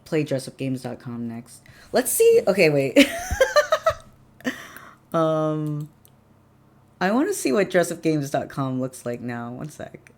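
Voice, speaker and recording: A woman livestreaming, chatting casually with viewers, laughing often and breaking into excited bursts. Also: deep voice, takes it slowly, long pauses. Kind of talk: casual live-stream chat.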